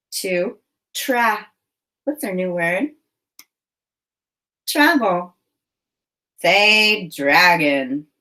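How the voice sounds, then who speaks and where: Slow, encouraging woman teaching phonics. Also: fairly low pitch, pushed and bright, low-quality recording. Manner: slow, clear, encouraging prompts. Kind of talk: phonics lesson for children.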